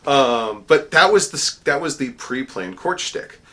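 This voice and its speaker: Bright-voiced man telling a story. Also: lively intonation, measured pace. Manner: chatty, self-deprecating, with fillers and restarts; booming formal proclamation when quoting court cries. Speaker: court herald. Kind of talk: casual storytelling monologue.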